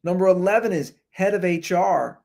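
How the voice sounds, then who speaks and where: A man hosting a podcast, giving animated, jokey commentary on viral videos through a computer's built-in microphone. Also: high-pitched, normal speed, creaky. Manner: animated, jokey, talks over clips. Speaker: podcast host. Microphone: computer's built-in mic.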